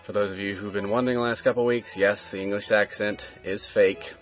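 A man's voice: lowish voice, fairly even intonation, fairly quick, highs cut off, soft background music. A man reading a short story in a put-on Irish accent, playful and mocking himself.

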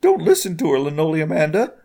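A man voicing an earnest young boy in a short read-aloud story, speaking high and excitedly. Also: quick pace, gravelly, heavily acted.

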